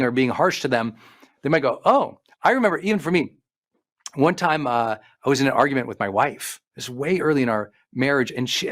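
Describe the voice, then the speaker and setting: A middle-aged man, a performance coach, giving an emphatic motivational talk with slowed-down stresses and listed points. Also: mid-range voice. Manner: emphatic, preachy delivery with slowed stresses and lists.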